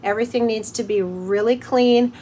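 A woman's voice: on the high side, fairly even intonation, moderate pace, breathy edge. A middle-aged woman hosting a home craft tutorial, chatty and cheerful, talking through each step as she works. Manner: cheerful and chatty, with soft laughs. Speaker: host of a soap-making channel.

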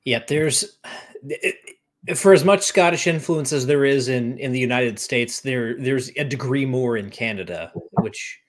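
Male host, mid-pitched, conversational, restarts phrases. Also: unhurried. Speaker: podcast host. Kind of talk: casual interview talk.

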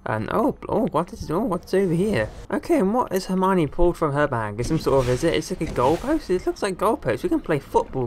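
A man giving casual, excitable let's-play commentary with a joking tone, often addressing viewers as guys. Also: a little high, brisk, hardly any pauses, a little hiss or hum. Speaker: gameplay commentator.

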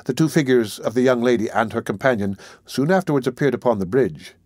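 Brief: man narrating a classic novel, steady and even, dry studio sound. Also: medium pitch, brisk, dry recording. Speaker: audiobook narrator. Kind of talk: scripted narration.

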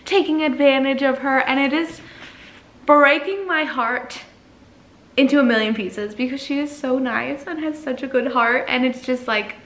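A woman's voice: sits high, moderate pace, a bit bright. A young woman in her twenties chatting casually in a reading vlog, emotional and laughing often. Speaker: book vlogger.

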